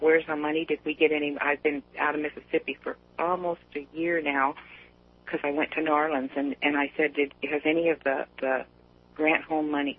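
A man talks in loose, meandering radio chat, stopping and restarting his sentences. His voice is a bit high and breathy. It comes through a thin, tinny phone line. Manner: rambling, self-correcting, many fillers.

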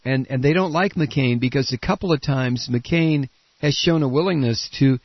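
A man's voice: medium pitch, moderate pace, no echo. A man hosting a political talk radio show, blunt and combative, rambling with restarts, congested and coughing at the microphone. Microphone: studio microphone. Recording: dull lo-fi radio broadcast.

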